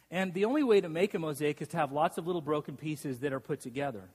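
A man preaching a sermon as a pastor, telling stories with self-deprecating humor and frequent laughs. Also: on the high side. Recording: long reverb of a large hall.

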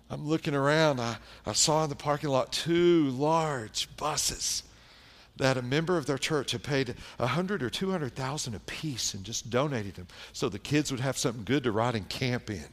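A middle-aged man from South Carolina, a pastor telling stories in a sermon with wry asides, dropping quiet for emphasis. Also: medium pitch. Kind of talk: sermon storytelling.

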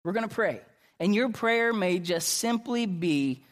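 A man's voice: sits high, lively intonation, a little slow. A man preaching a sermon as pastor, emphatic and repetitive, his intensity rising and falling.

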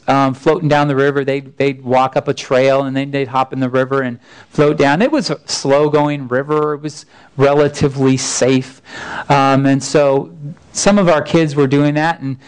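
A man's voice: medium pitch, clear, resonant tone, rough recording. A man, preaching a sermon as a folksy, earnest personal story with frequent restarts. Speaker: pastor.

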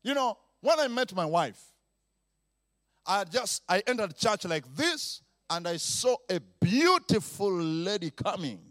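A middle-aged man delivers a playful, animated sermon, acting out noises and laughing between points. His voice sits high and leaps all over the place. The sound is dry and close. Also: no room sound. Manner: animated, mimics sounds, laughs often, drawn-out repetitions. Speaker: preacher. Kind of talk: lively sermon.

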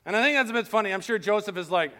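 A man pastor preaching a sermon in a casual, animated storytelling manner. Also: sits high, racing.

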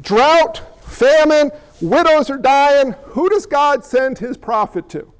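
A man preaching a sermon, animated and firing rhetorical questions at his listeners. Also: very high-pitched, slow pace, long reverb tail.

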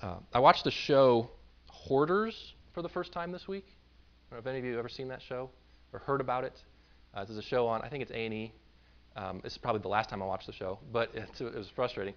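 A man's voice: mid-range voice, fast, highs cut off. Man preaching a conversational sermon. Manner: conversational preaching, acts out voices of imagined people. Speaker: pastor.

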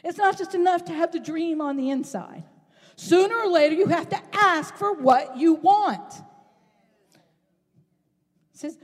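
A woman preaching a sermon in an animated, rhetorical way, at times rising to a shout. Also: very high voice, unhurried, pauses often. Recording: long reverb in a large hall.

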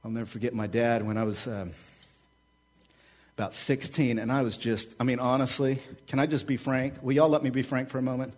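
A man preaching a sermon as a pastor. He swings between loud, urging calls and quiet asides, and repeats key phrases as a refrain. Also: medium pitch, fairly even intonation, fairly quick.

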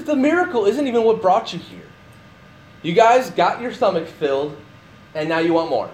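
A man's voice: sits high, slight background noise. A man preaching a conversational sermon in a church, restarting phrases and acting out quotes with animation. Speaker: pastor.

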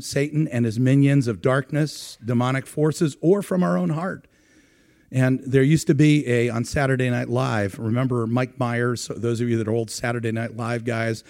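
A middle-aged male pastor preaching a sermon at a mid-range pitch. He talks in a conversational way and often asks his listeners rhetorical questions. He teases them and leans on them to answer. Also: a little mellow.

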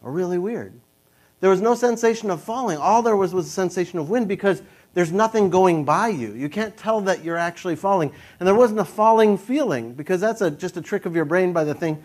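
Animated young man telling a story. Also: fairly quick. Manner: animated, jumps into high panicky voice for his own quoted thoughts. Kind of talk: casual storytelling.

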